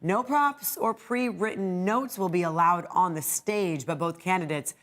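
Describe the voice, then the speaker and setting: Brisk woman anchoring morning news. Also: on the low side, fairly bright tone. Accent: American. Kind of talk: news reading and light chat.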